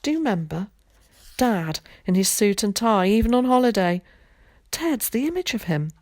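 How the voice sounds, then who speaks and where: A woman reading aloud and voicing a loud, gushing, chatty aunt in a storybook, with swooping, effusive delivery. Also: on the low side, animated, normal speed.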